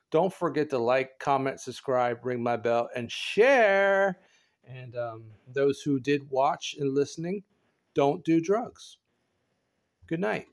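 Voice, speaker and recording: A man rambling in a casual, goofy vlog from an indoor showroom, laughing often and jumping from quiet mutters to loud high shouts. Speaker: vlogger. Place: indoor showroom with a concrete floor.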